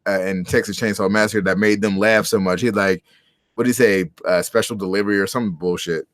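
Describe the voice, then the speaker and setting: A man's voice: sits low, steady tone, brisk, a bit bright, no room sound. A man retelling a horror movie plot in loose, casual chat, acting out lines of dialogue as he goes. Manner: loose storytelling, acts out quotes. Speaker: podcast co-host.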